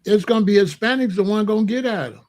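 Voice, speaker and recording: A man's voice: sits high, quick pace, darkish tone. A man delivering heated, confrontational stream commentary in blunt street slang.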